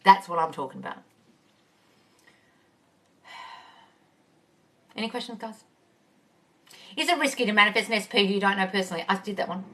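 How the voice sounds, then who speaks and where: A woman's voice: medium pitch, lively intonation, moderate pace, pauses often, a bit bright, far from the mic. A woman coaching on a phone live stream, reading viewer questions aloud and answering them bluntly and casually, calling everyone darling and swearing freely. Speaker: manifesting coach.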